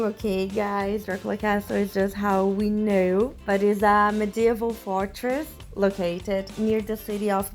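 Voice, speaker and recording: Slow, chatty woman vlogger. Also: medium pitch. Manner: chatty, repeats words for emphasis. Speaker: travel vlogger. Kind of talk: travel vlog voice-over.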